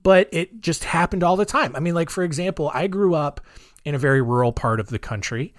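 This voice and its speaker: A man's voice: a little high, fairly quick, no echo, clean studio sound. A man hosting a podcast, telling a story in a chatty, rambling way with sarcastic asides. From United States. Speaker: podcast host.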